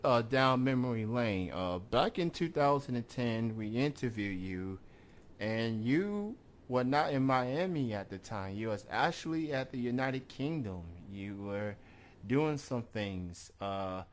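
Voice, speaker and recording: A male host in mid-range pitch chats with a caller in a loose, unhurried manner, dropping uhs and restarting phrases. A faint hiss sits under his voice. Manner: relaxed, halting with many uhs. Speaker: radio show host. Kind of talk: casual call-in interview.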